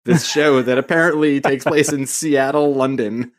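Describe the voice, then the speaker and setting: A man's voice: medium pitch, moderate pace. A man co-hosting a casual podcast, joking around with his friends. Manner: joking, animated. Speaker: podcast co-host.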